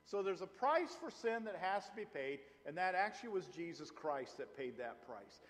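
A middle-aged male pastor preaching with a lively, swinging delivery that rises and falls. His voice sits a little high for a man. It rings with a long reverb, as in a church hall. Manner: animated preaching, rising and falling, slow emphatic phrases. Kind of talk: sermon.

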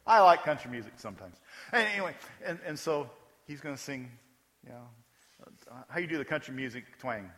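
Lively, bright-voiced man preaching a sermon. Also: medium pitch, brisk. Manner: animated, conversational, joking asides. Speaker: pastor. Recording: echoey hall.

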